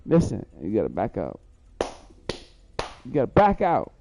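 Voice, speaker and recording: A man's voice: on the low side, wildly swooping pitch, measured pace, background noise. A man on a livestream telling a rambling story, repeating himself and swearing heavily. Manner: profane, repetitive, rambling. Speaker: livestream host.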